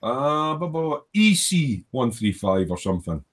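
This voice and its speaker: A man's voice: mid-range voice, sing-song, normal speed. A man hosting a casual live stream from his hobby workshop, reading viewers' comments aloud in a jokey, rambling way and laughing easily. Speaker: livestream host.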